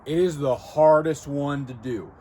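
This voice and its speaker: A man's voice: a little high, unhurried, over a noisy crowd. A man hosting a self-improvement video, coaching the viewer in a blunt, direct way and often checking in with "okay?" and "right?". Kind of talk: casual coaching talk to camera. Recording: music playing clearly behind him.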